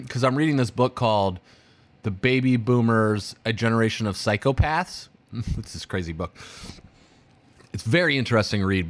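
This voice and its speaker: A man in his thirties hosting his own podcast, talking casually and rambling with restarts and fillers. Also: lowish voice. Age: 30s. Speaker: podcast host. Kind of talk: casual solo podcast monologue.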